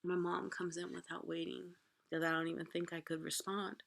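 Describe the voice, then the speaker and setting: A woman telling a personal story from her own life, moving between hushed whispers and loud, pleading outbursts. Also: lowish voice, little pitch movement, a little slow, creaky, pauses often.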